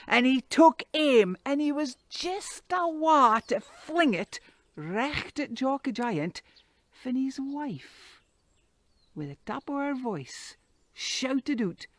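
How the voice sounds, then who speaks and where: A woman with a Doric Scots accent telling a folktale in a dramatic, animated way. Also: a little high, takes it slowly, no echo. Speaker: storyteller.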